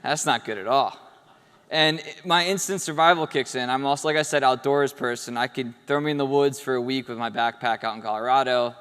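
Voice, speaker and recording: A man's voice: medium pitch, fairly quick, few pauses, a bit bright, smooth. A young man telling a personal story in a casual, wry, matter-of-fact way, in a large hall. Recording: long hall reverb.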